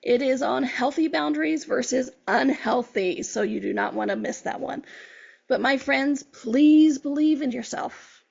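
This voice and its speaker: A woman's voice: high voice, moderate pace, gravelly, slightly rough, muffled recording. A woman hosting a podcast, giving an earnest, encouraging motivational talk as a life coach and acting out her chats with clients. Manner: earnest, encouraging, quotes herself and clients in conversation.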